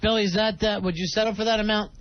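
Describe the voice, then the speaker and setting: Radio host guy, high pitched, ribbing his producer, muffled old broadcast audio. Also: steady tone, fast talker. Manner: teasing, reads listener messages aloud. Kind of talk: casual radio banter. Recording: dull radio broadcast audio with faint hiss.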